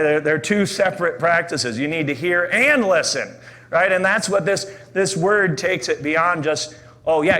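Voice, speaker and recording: A man's voice: medium pitch, gravelly, fairly bright tone. A middle-aged man preaching a sermon in a loose, conversational way, often restarting and asking "right?". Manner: conversational, many fillers and restarts, asks "right?". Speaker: pastor.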